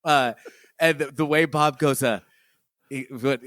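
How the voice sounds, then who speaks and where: A man's voice: medium pitch, fairly even intonation, a little slow, fairly bright tone, no echo, studio quality. A man co-hosting a podcast, talking casually and animatedly about a film and laughing as he retells scenes. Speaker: podcast co-host.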